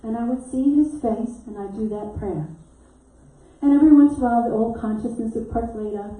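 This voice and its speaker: A middle-aged woman preaching in an echoey church hall, her voice mellow and dark in tone, a little higher than most. She tells her story lively, acting out each voice in it and laughing along, heard from some distance off the mic. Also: a little fast. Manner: animated storyteller who acts out quotes and laughs often. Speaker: minister. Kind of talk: storytelling sermon. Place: church sanctuary.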